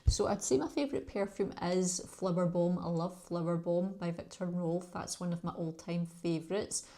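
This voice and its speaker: Middle-aged glasgow woman rambling on about her routine, low-ish mellow voice, laughs a lot. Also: normal speed. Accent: Scottish, Glasgow. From Scotland. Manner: rambling, friendly, laughs between thoughts. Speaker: beauty YouTuber. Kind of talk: casual chatty vlog Q and A.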